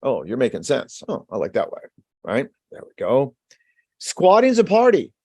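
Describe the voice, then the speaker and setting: A man giving a lively webinar lecture as an exam prep instructor, repeating key phrases and drawing his audience into call-and-response. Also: medium pitch, moderate pace, slightly rough, dry recording. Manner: energetic, call-and-response teaching.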